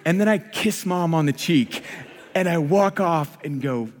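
A man with a fairly high voice tells a funny story from the pulpit, animated and quick to laugh at himself. His voice rings out with a long reverb across a large hall. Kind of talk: humorous personal story in a sermon.

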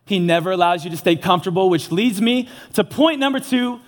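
Young man, high voice, earnest casual preaching, slangy sermon. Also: expressive, a little fast. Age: young adult.

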